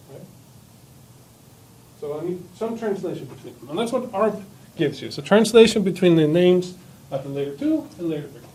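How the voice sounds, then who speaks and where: A man teaching a university class, joking and acting out computers in quick quoted voices. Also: high-pitched, dark tone, slight background noise. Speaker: university lecturer. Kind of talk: classroom lecture. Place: lecture hall. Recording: echoey lecture hall from far off.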